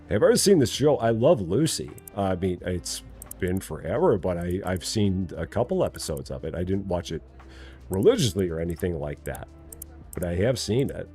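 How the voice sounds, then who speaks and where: A man in his forties streaming a game live, chatting with viewers in a lively, joking way at a desk mic. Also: sits low, moderate pace, faint music behind. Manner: lively, talking to chat, jokingly challenging; hums and scats while working. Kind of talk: live gameplay chat.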